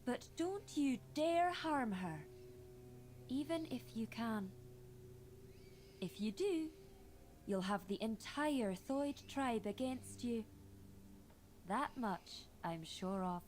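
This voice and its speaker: Small proud chieftain; high, unhurried, solemn game voice, faint hiss behind. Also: female voice, lively intonation, a little mellow. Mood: warning. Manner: solemn and stern. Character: small female tribal chieftain, proud, protective. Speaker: game character. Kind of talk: game dialogue.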